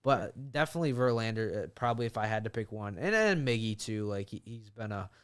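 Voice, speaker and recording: A man's voice: fairly low pitch, expressive, a little fast, clean tone. A young man from Michigan co-hosting a podcast, talking in an easygoing, rambling way with many fillers. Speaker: podcast co-host. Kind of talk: casual chat.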